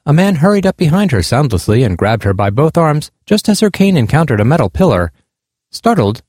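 A man earnestly reading aloud a personal essay about his blind parents' experiences, in a measured tone. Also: medium pitch, darkish tone, dry recording, studio quality. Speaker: speaker on disability awareness.

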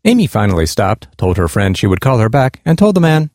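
A man earnestly reading aloud a personal essay about his blind parents' experiences, in a measured tone. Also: fairly low pitch, very animated, darkish tone, no echo, clean studio sound. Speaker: speaker on disability awareness.

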